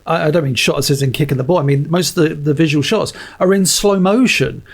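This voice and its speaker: High-pitched man, animated chat. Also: brisk, gravelly. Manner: animated, tells anecdotes with put-on quotes. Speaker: podcast co-host. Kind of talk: casual film chat.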